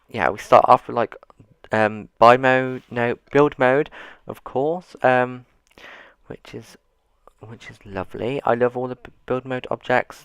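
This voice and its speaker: A man's voice: medium pitch, a bit bright, smooth, no echo. A man giving casual, rambling commentary on a video game, with self-mocking, dryly sarcastic asides, seated at his computer. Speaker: gaming YouTuber.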